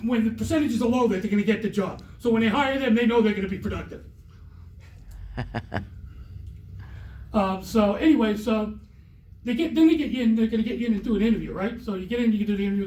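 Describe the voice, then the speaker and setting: A middle-aged man performing a stand-up comedy set on a theater stage, telling rambling, repetitive stories. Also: high-pitched. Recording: roomy, distant live-room recording.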